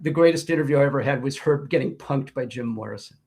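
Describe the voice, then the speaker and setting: A man, a writer and producer guest, telling anecdotes in an interview with an animated manner. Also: medium pitch, brisk, breathy edge. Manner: animated storyteller.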